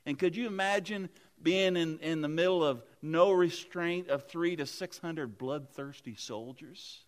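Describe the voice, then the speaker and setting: A man's voice: a little high, a little slow. A man preaching a sermon, retelling a Bible story earnestly and vividly with restarts.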